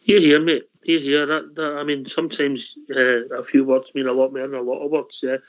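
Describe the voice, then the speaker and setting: A man's voice: medium pitch, flat delivery, moderate pace. A man hosting a casual call-in show, easygoing and calling his guests mate. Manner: easygoing, calls people mate. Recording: dull lo-fi stream audio.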